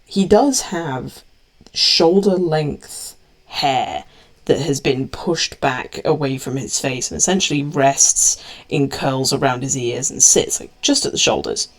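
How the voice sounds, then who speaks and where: A woman game master narrating a tabletop game in a deliberate, descriptive way. Her voice has a gravelly edge. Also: very deep voice.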